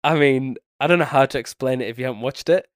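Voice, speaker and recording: Worn out by a heavy cold and a sleepless night, this young man co-hosts a casual podcast in a stuffy, nasal voice, rambling and occasionally losing track of his point. He talks fast at a medium pitch, smooth and clear, captured close-up in a dry recording without any room sound.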